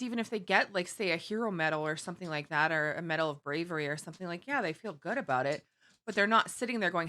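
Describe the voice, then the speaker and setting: Woman podcast host, bright voice, laughs thru her jokes, casual. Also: lowish voice, expressive, quick pace. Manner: laughing, mocking asides. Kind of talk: casual chat.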